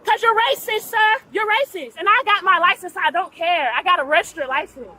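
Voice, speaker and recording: A woman's voice: extremely high pitch, fairly quick, bright, forceful tone. Agitated woman arguing at a traffic stop. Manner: agitated, repeats herself insistently, pleading. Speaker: driver being arrested at a traffic stop. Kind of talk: heated argument with police. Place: outdoors at a roadside traffic stop. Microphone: police body-worn camera.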